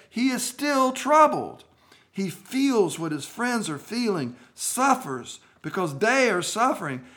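A male pastor preaching a sermon, moving between hushed, quiet phrases and emphatic, rising ones. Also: high voice.

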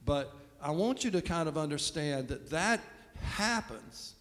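A man's voice: a little high, animated, unhurried, fairly bright tone. A man preaching a sermon as pastor, talking in a conversational, self-deprecating way. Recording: long reverb of a large hall.

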